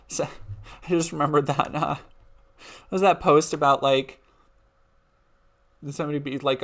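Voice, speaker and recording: A man's voice: a little high, steady tone, normal speed, pauses often, a bit bright. Man reading history with casual asides. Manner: casual, laughing asides between read passages. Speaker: streamer.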